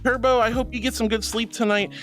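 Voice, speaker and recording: A man's voice: very high-pitched, steady tone, fast talker, fairly bright tone, faint music behind. A man streaming live, reading viewer messages aloud and calling them sweetie and honey.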